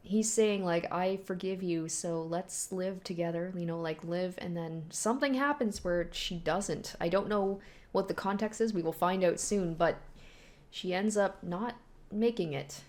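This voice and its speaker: A woman's voice: fairly low pitch, unhurried, a little mellow. A young woman hosting a reaction video, chatting casually and gushing about the story. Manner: gushing, chatty, many "like" fillers.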